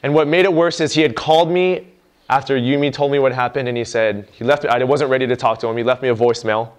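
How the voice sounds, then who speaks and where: A young adult man giving a lively youth sermon, acting out parents and children in quoted lines. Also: medium pitch, quick pace, clean tone. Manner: animated, acts out quoted lines. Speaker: youth speaker.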